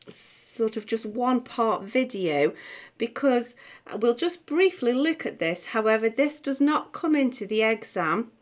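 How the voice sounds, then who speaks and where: Middle-aged woman, music theory teacher, slow patient delivery, casual and unscripted. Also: mid-range voice. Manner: unhurried, chatty teaching with many fillers and restarts. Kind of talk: explaining a lesson to camera.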